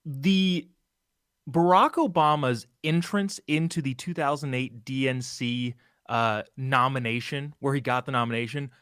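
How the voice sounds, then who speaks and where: A man's voice: medium pitch, unhurried, fairly bright tone, clean tone, no echo, studio quality. A young adult man, a comedian guest on a political stream, talking casually with many restarts and fillers. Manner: rambling, self-interrupting, hesitant fillers.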